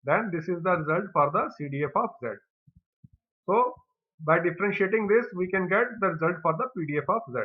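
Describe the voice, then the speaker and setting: A man's voice: high-pitched, brisk, phone-quality sound. A man teaching an exam probability problem, explaining each step steadily and methodically.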